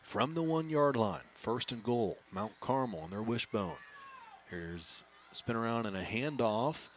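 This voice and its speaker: A man calling high school football play-by-play, steady and picking up speed on big plays. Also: unhurried, slight background noise. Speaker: play-by-play announcer. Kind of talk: play-by-play commentary.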